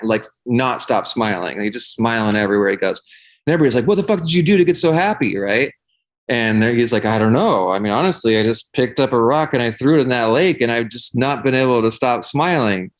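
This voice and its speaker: A young man speaking in a somewhat low voice, chatting loosely as a podcast guest. He rambles through his thoughts with plenty of swearing and filler words. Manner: rambling, profane, heavy use of "like". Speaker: podcast guest, singer and life coach. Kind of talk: casual conversation.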